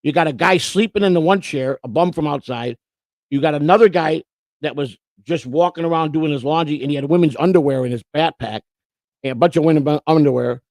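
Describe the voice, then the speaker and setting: A man's voice: on the high side, fairly quick, a little mellow, dry recording. A man from Florida co-hosting a casual livestream, telling long rambling stories and swearing freely. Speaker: co-host.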